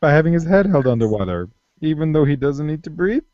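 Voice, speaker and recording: A man's voice: a little high, sing-song, quick pace, dark tone, no echo. A man chats on a podcast with plenty of movement in his voice, bouncing up and down as he jokes and gushes. His talk is casual and salty. The audio is dry and a little muffled, with a slight lo-fi dullness. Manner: enthusiastic, swears casually, jokey. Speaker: podcast co-host.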